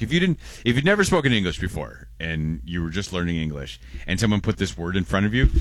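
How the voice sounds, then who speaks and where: A man's voice: deep voice, dry recording, clean studio sound. An American man co-hosting a podcast, chatting casually and playfully. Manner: playful, jokey, animated. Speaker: podcast co-host. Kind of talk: casual chat.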